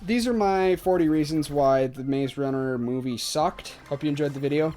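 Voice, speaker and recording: A man's voice: on the high side, normal speed, darkish tone. A man talking casually to camera as a YouTuber, ranting with lots of "like" and "um". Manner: casual, ranting, heavy use of "like" and "um". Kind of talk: ranting vlog commentary.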